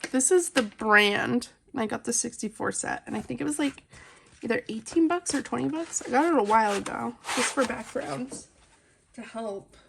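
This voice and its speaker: A woman with a slightly high voice and some vocal fry talks at a moderate pace over background noise. Recording on her phone at home with family nearby, she vlogs casually while coloring, chatting and rambling with lots of fillers.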